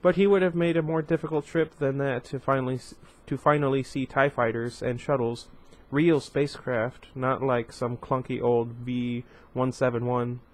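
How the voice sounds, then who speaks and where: A man with a slight lisp reading a novel aloud at a middling pitch. He drops in chatty little asides between passages in a casual home reading. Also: fairly even intonation, moderate pace, hardly any pauses. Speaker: book reader.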